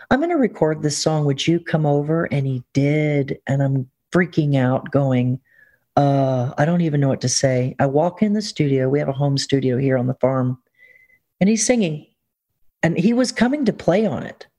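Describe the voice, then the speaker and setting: A woman musician is interviewed and tells her stories in a lively, expressive way. She laughs easily as she talks and keeps an excited, chatty energy. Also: sits low. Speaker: musician guest. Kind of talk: casual interview storytelling.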